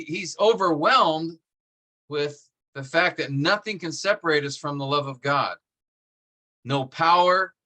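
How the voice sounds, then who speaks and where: A man's voice: on the high side, pushed and bright. A man teaching a seminary class over a video call, explaining step by step and checking in with "right?". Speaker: seminary instructor.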